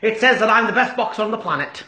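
A man's voice: high voice, animated, fast talker, pushed and bright, reverberant, heavily acted. A man impersonating a boastful heavyweight boxer who calls himself a fat man who outclasses athletes. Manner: bragging, blunt, self-mocking.

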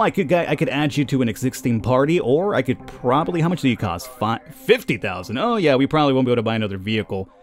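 A man hosting a casual let's-play, chatting and rambling as he plays and laughing easily. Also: mid-range voice. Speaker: gaming YouTuber.

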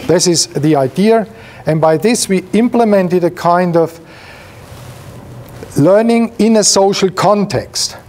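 A man's voice: high voice, slow, pauses often, a little mellow, slight background noise. A male professor giving an academic seminar lecture, explaining while pointing at slides, with frequent fillers and restarts.

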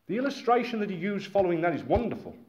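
A man from Britain preaching a sermon in a lively, conversational way with asides to his listeners. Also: high-pitched, very fast. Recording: echoey, dull-sounding hall recording.

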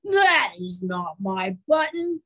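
A woman's voice: mid-range voice, sing-song, slow, fairly bright tone, full character voice. A woman voicing a fussy, grumpy little male toad who complains and wails, for a storybook reading. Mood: stubborn. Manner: complaining, wailing.

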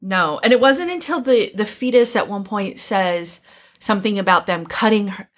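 A woman co-hosting a podcast, chatting animatedly about a movie and acting out lines from it. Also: medium pitch. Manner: animated, quick restarts, quotes characters. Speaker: podcast co-host. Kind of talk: casual movie discussion.

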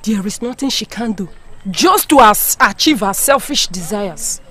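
An actress playing a sharp-tongued village woman, bitter and gossipy. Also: mid-range voice, lively intonation, a little slow. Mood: gossiping. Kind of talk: Nollywood film acting. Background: soft film music.

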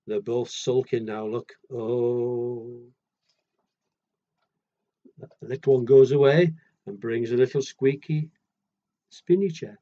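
An older man reading picture books aloud to children from his garden shed, gentle and playful. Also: medium pitch, steady tone, slow pace, long pauses, highs cut off. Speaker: storyteller.

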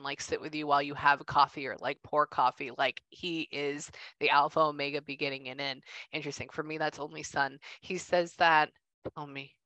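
A woman working as a medium, chatting casually and relaying messages in quick bursts, acting out what she is shown. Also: low voice, sharp tone, no echo. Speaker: psychic medium. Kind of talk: casual reading session.

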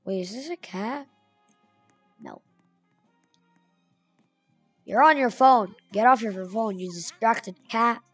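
A young woman giving excitable, chatty commentary while playing a video game, reading names aloud as she goes. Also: fairly high pitch, slow, pauses often, breathy edge, soft background music. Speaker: gamer. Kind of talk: gameplay commentary.

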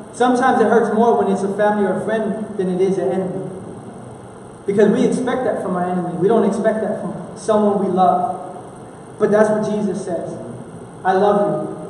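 Recorded from a distance in a reverberant church hall, this Houston, Texas pastor has a high, mellow voice with a bit of hiss or hum in the background. He preaches earnestly and conversationally, frequently starting his sentences over.

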